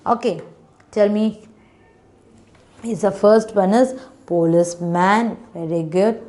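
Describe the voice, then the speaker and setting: A woman's voice: medium pitch, fairly even intonation, slow, pauses often, warm tone. A woman teacher, patiently sounding out words and syllables for children in an online phonics class. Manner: patient, repetitive teacher talk, sounding out letters, frequent "okay".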